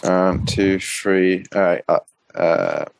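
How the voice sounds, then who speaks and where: A man playing in a tabletop game, hesitant and full of ums, counting his moves out loud. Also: low voice, expressive, slow pace, creaky, dry recording. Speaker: player.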